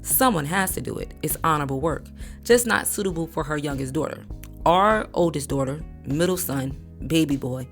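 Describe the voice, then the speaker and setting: A woman reading a memoir aloud in a measured, even audiobook narration. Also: low voice, faint music behind. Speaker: book reader.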